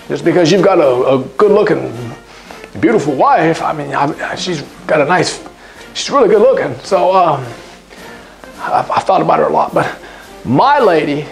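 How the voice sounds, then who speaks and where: A woman's voice: on the low side, a little mellow, pitched below the performer's own voice. A woman doing a comic impression of a boastful, flirtatious aging male ex-president who rambles and brags. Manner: lecherous bragging, rambling asides.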